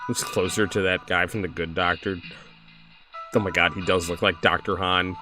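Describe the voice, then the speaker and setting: A man's voice: low voice, normal speed, music in the background. A young man streaming a game, chatting casually, laughing often and reading on-screen text aloud.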